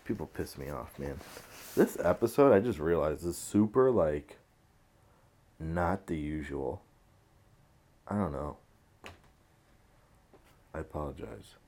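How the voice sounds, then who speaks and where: Male podcast host, deep voice, unhurried and rambling, swears a lot, sounds tired. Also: expressive, darkish tone. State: low energy, uncaffeinated. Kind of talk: casual solo podcast rant.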